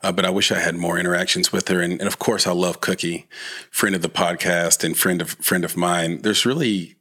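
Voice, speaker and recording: A man's voice: sits low, steady tone, fairly quick, pushed and bright. A man hosting a podcast interview, talking casually and rambling with lots of fillers and restarts. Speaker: podcast host.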